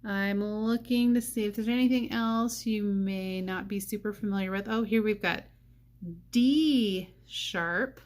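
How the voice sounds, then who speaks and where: A woman teaching a saxophone part, thinking aloud and counting rhythms out loud. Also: medium pitch, steady tone, a little slow. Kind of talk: music lesson walkthrough.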